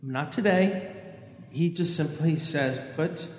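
Male priest, mid-pitched, earnest sermon with restarts, recorded in a reverberant church. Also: measured pace. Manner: earnest, thinking aloud with restarts. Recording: echoey church with long reverb.

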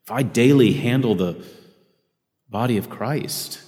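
A man's voice: mid-range voice, measured pace, a little mellow, in a large hall. A man preaching a sermon to a group of brothers, earnest, often restarting his phrases. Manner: earnest, self-correcting with repeated restarts.

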